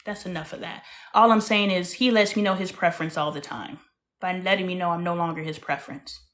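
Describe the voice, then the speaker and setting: Frank, animated woman in her thirties, host of a casual live-stream monologue, loud one moment and hushed the next. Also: on the low side, a little fast.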